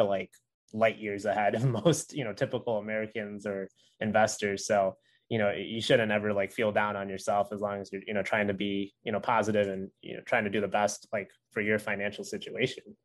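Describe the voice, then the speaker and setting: A man's voice: on the low side, level tone, fairly quick. A man who runs an investing channel, talking in a loose, rambling way with many filler words during a casual chat with another creator. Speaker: investing YouTuber. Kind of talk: casual conversation between creators.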